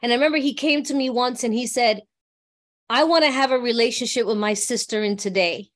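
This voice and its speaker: A middle-aged New York woman speaks at a workshop, sharing her personal recovery story in a heartfelt, conversational way. She often checks in with listeners by asking "you know what I mean." Her voice is on the high side and a little fast.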